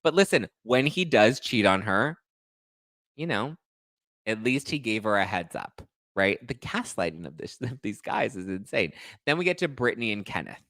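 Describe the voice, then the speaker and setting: Sassy, low-voiced man gossiping. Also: big pitch swings, moderate pace, a bit bright, dry recording, clean studio sound. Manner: chatty, sassy, laughs often, acts out quotes. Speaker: podcast host. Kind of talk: casual gossip recap chat.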